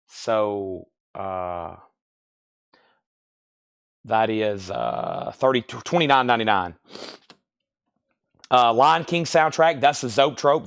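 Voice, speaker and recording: A man with a Southern US accent hosting a live record sale, reeling off titles and prices in a steady, folksy sales patter. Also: mid-range voice, clean tone. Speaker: host selling records on a livestream. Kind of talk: live sales stream, casual chat.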